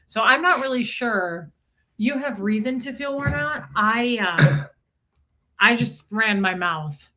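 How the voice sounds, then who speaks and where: A bright, high-voiced young woman chats casually on her live stream. She tells little stories and greets her viewers by name as she goes. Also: animated, takes it slowly.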